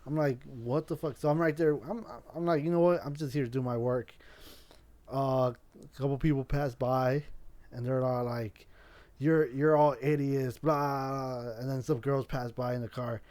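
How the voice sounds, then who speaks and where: A man's voice: mid-range voice, fairly even intonation, normal speed, darkish tone. A man hosting a casual podcast, telling a rambling story with lots of swearing and restarts. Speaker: podcast host.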